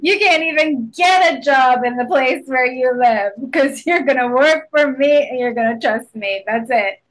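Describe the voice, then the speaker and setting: High, slow-speaking woman host. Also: poor audio. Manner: laughs often, affirming with amens. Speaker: podcast host. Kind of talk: casual faith chat.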